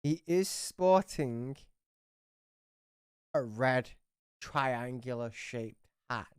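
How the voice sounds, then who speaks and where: Woman game master, chatty, unhurried, smooth clear voice, dry sound. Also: rumbling low, animated, a little mellow, dry recording. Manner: chatty, swears freely, lots of fillers. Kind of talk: narrating a tabletop game livestream.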